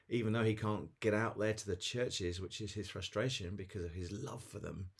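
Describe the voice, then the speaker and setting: A man giving a daily devotional talk as a pastor, earnest and storytelling with small chuckles. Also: deep voice.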